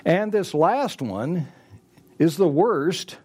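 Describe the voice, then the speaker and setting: A man's voice: mid-range voice, animated, a little slow, darkish tone. A man preaching a sermon, driving his points home with repetition and acting out what people might say to each other. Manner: preaching with emphatic repetition, acting out quoted dialogue. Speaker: pastor.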